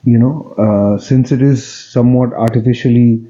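A man, answering interview questions in a relaxed, joking way with many fillers and restarts. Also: medium pitch, moderate pace, lo-fi sound. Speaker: interview guest, music director.

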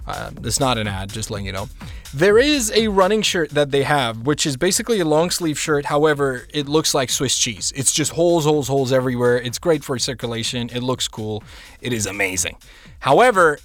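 A man's voice: medium pitch, a bit bright. A man hosting a radio show, telling a self-mocking story in a chatty way. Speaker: radio host. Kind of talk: casual radio chat.

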